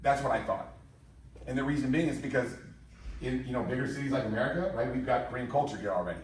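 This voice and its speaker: A man in his fifties giving an energetic, repetitive motivational sales presentation to a live audience in a large room, rallying the crowd. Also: mid-range voice, quick pace, a little hiss or hum. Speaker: company presenter. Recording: very echoey hall, mic far off.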